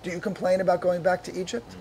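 Male pastor, sermon delivery: high, gravelly voice; animated, full of rhetorical questions. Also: fast talker, slight background noise. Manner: animated, asks the congregation many rhetorical questions; laughs often between points.

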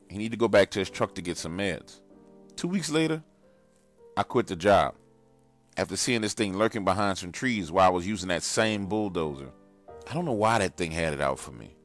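Deep-voiced weary man over faint music. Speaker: storyteller recounting an encounter. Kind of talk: scripted first-person horror narration.

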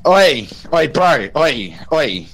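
A man from Australia with an Australian accent, joking crudely and teasing loudly while playing a game. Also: a little high, very animated, slow pace. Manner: loud, crude, teasing banter.

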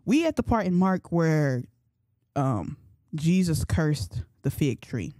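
Low, mellow-voiced young woman. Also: big pitch swings, slow pace, no echo, clean studio sound. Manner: chatty and slangy, thinking aloud. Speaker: podcast host. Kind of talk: casual faith talk.

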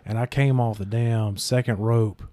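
Mellow-voiced man telling a rambling story. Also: on the low side, fairly even intonation, normal speed, no room sound. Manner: rambling and profane, full of fillers. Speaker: podcast host. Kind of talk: casual storytelling chat.

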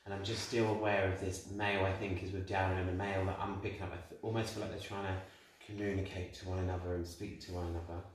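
A man hosting a paranormal investigation as a medium, excitedly relaying spirit messages inside an old control tower. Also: deep voice, fast, hardly any pauses. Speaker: medium and ghost-hunt host. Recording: echoey room, distant mic.

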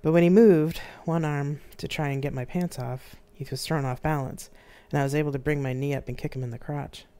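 An author reading their own novel aloud in an expressive, dramatic live-streamed narration. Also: medium pitch, brisk, hardly any pauses, clear, resonant tone.

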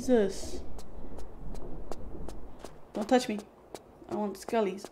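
Excitable woman gaming streamer, high voice. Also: unhurried. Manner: excitable, swears, laughs, talks to her dog. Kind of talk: live game-stream chat.

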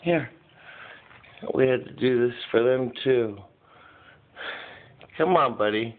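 A man's voice: medium pitch, takes it slowly, narrow, tinny audio. A man at home filming his dog, chatting casually and coaxingly to the camera and swearing now and then. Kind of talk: casual home video commentary. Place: at home indoors.

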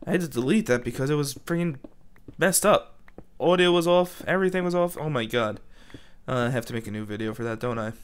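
A man's voice: medium pitch, lively intonation, fairly quick, smooth. A man doing goofy let's play commentary, rambling and talking back to himself. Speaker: gaming commentator.

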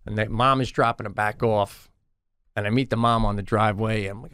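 In studio-quality audio with a clean tone and no room sound, a middle-aged podcast co-host tells a casual story. His lowish voice runs a little fast, and he's animated, exasperated, and profane, his pitch jumping up when he gets irritated.

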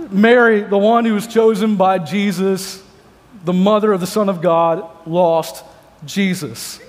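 Male preacher, high-pitched, chatty and joking, big reverberant sanctuary. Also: steady tone, unhurried. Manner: joking, conversational storytelling. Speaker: pastor. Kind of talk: sermon. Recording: long hall reverb.

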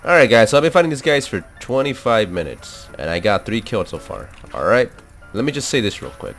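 A young man giving casual, excitable commentary over his own gameplay, swearing, laughing and repeating himself. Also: medium pitch, fairly quick. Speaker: gaming commentator. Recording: faint background music.

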